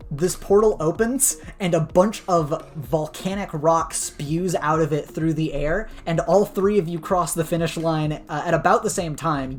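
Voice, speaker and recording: Brief: low-pitched woman game master narrating a role-play, casual and rambling, soft music behind. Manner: casual, filler-heavy narration.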